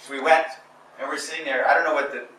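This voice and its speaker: Speaking fast with fairly even intonation, a man with a sharp, slightly high voice delivers a blunt, emphatic motivational talk to a group in Portugal. The distant mic in the roomy venue catches faint ambience and a little hiss or hum, and he keeps repeating phrases and restarting sentences.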